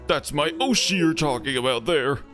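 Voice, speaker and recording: A man's voice: a little high, animated, normal speed, a bit bright. A man streaming a video game with casual, rambling, jokey commentary, often breaking into laughs. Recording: faint music underneath.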